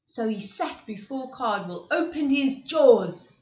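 Slow, animated woman reading to preschoolers. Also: high-pitched. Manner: animated, asks the children questions. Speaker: preschool presenter. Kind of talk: reading a rhyming picture book to young children. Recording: echoey room, slightly dull sound.

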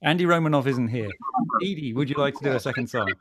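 A man's voice: medium pitch, fast talker, a bit bright. A man hosting a virtual open mic, moderating a little flustered between acts. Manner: friendly, slightly flustered moderating. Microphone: video call mic. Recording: video call with background chatter.

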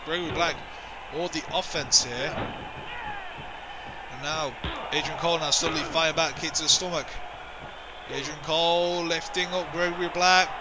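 A man doing excitable, indignant play-by-play commentary for a video game wrestling show, often repeating himself. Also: fairly high pitch, heavy background noise.

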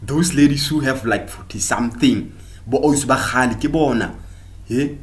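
A man's voice: medium pitch, moderate pace. A South African man doing a mocking comic rant to the camera, preaching at women and switching between English and local languages. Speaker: comedian vlogger.

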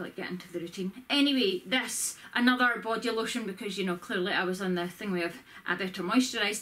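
A woman's voice: medium pitch, fairly bright tone. A woman vlogger chatting casually from her bedroom, rambling and self-deprecating as she shows off a shopping haul. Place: bedroom at home. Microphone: camera with ring light.

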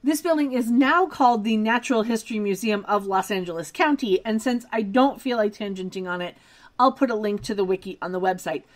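A woman's voice: medium pitch, fairly quick. A young adult woman co-hosting a podcast, recapping a TV episode in casual chat with detailed, wry asides.

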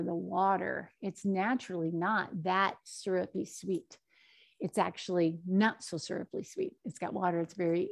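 A middle-aged woman dietitian giving an online health talk, lively and acting out both sides of her stories. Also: medium pitch. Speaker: dietitian presenter.

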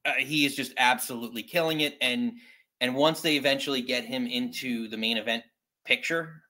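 A man's voice: mid-range voice, a little fast, sharp tone. A man hosting a casual wrestling podcast, upbeat and steering the segment from topic to topic. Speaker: podcast host.

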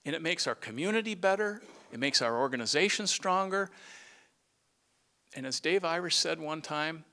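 A middle-aged man giving an earnest farewell speech as a retiring director, sometimes halting and restarting. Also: on the high side, pushed and bright.

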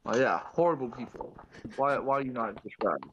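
A man's voice: mid-range voice, animated, a little fast. A young man chats through a game with a mid-range voice, joking and drifting through his sentences. His mic sounds dull and lo-fi, with a faint hiss behind it. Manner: joking, rambling with many uh fillers. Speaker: guest gamer. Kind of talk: casual gaming chat.

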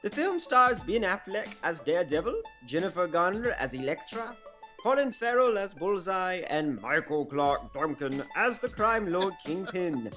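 A man's voice: high voice, big pitch swings, a little slow, pushed and bright, faint music behind, heavily acted. A man voicing a stats reader in a wandering mock Greek accent that drifts across Europe. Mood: hammy. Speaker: guest.

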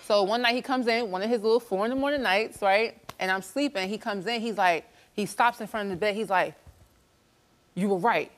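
A woman's voice: mid-range voice, brisk, few pauses. A woman guest on a talk show, animatedly retelling a relationship fight on a studio stage. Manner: animated storytelling, acting out quarrels.

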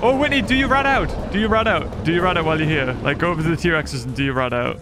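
A man's voice: on the high side, fast. A British man hosting a casual let's-play, playful and giggly. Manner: giggly, playful, often laughing. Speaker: gaming channel host. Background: game music.

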